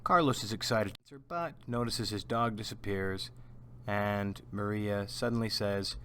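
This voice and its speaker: A man's voice: lowish voice, normal speed, pushed and bright, smooth. A man teaching Spanish vocabulary in a scripted lesson, patiently repeating each word for learners to echo. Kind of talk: slow scripted language lesson.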